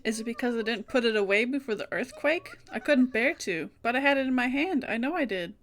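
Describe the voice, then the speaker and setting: A woman's voice: on the high side, lively intonation, brisk, slight background noise, natural voice. A woman voicing an anxious teenage schoolgirl who is alone and frightened, reading game dialogue aloud on a stream. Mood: panicked. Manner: reads the game dialogue aloud with rising panic.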